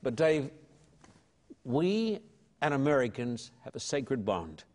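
Fervent older Australian preacher. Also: male voice, medium pitch, big pitch swings, takes it slowly, a little mellow. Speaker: evangelist and pastor. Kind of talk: interview answers.

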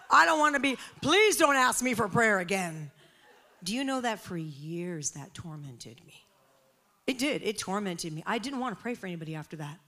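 A woman preacher telling a personal testimony in a sermon, acting out her own panicked voice as she tells the story. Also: fairly low pitch.

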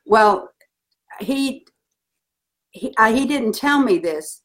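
A middle-aged woman telling a personal story in an interview, earnest and animated. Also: on the high side, slow. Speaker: guest.

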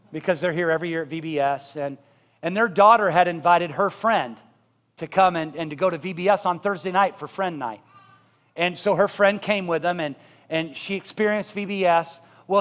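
Male pastor, sermon delivery, impassioned swells, bright high voice, long church reverb. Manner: impassioned, rising to loud emphatic peaks. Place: church sanctuary.

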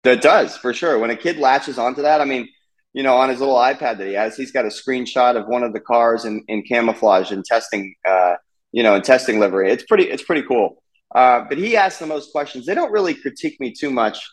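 A man in his thirties talks casually as an interview guest, a racing driver. His speech is relaxed and halting, with many fillers and restarts. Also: medium pitch, low-quality recording. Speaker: race car driver guest.

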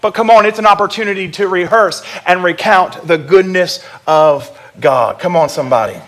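A man's voice: high-pitched, moderate pace, fairly bright tone. Man preaching in a conversational sermon. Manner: conversational preaching with audience prompts. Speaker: pastor.

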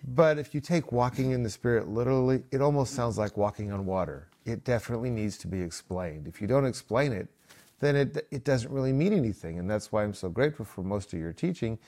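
A man taking part in a casual Bible discussion group, speaking in a measured, soft-spoken way. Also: mid-range voice, lively intonation. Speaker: discussion participant.

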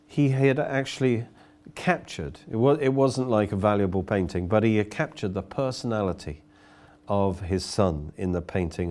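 A man's voice: fairly low pitch, darkish tone. A man preaching a sermon, telling a story earnestly and often repeating words as he goes.

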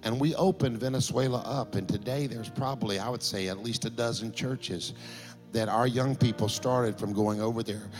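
A middle-aged man, a pastor telling a story in a sermon that builds to impassioned shouting. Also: medium pitch, moderate pace, music in the background.

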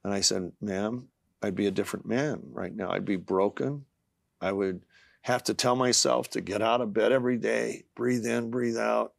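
A middle-aged man, a guest author, earnestly tells a personal faith story in an interview, often halting with fillers and restarts. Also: fairly low pitch, fairly even intonation, creaky, no room sound. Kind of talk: testimony in a talk-show interview.

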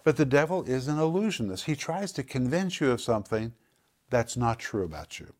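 A man's voice: mid-range voice, sing-song, a little mellow. Emphatic male Bible teacher. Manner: emphatic, repeats words for stress, slows on key points. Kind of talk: teaching program on scripture.

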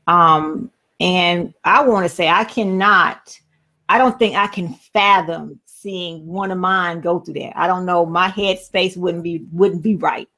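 A woman's voice: on the low side, measured pace, bright, forceful tone, poor audio. A woman hosting a talk show, chatting casually with many fillers and asides. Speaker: host.

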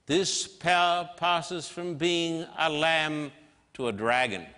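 A man preaching a sermon with emphatic, measured delivery and dramatic pauses. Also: on the high side, pushed and bright, clean tone. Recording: long hall reverb.

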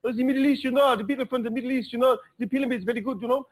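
A man doing stand-up, switching quickly between comic accent impressions. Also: extremely high pitch, fairly even intonation, voice pushed up, poor audio. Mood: jokey. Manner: rapid switches between put-on voices, jokey. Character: string of comic accent caricatures, male. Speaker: comedian.

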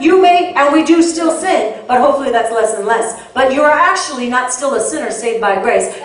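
A woman preaches in a high, ringing voice, repeating key words for emphasis. The sound is roomy and echoey, with the mic set well back from her. It carries like a recording from a church sanctuary. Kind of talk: sermon. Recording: echoey hall, mic far off.

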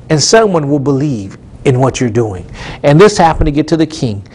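A man's voice: on the high side, lively intonation, fast, darkish tone. Earnest male preacher telling a testimony. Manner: earnest, emphatic repetition. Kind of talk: storytelling sermon testimony. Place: studio.

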